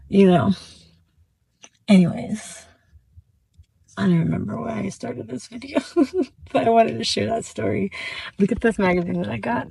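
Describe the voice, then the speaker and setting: Woman vlogger chatting from the driver's seat, rambling and laughing, breathy rasp in the voice. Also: mid-range voice, normal speed, pauses often, dark tone, no echo. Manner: rambling, many fillers, laughs often. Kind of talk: casual vlog chat. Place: car, driving.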